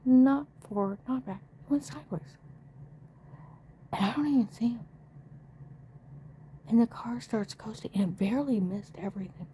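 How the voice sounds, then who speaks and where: A woman's voice: fairly high pitch, normal speed, long pauses, warm tone, a little hiss or hum. A middle-aged woman emotionally retelling a frightening family story, acting out the dialogue of the people involved. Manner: emotional, breathless retelling with frequent quoted dialogue. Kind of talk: personal testimony.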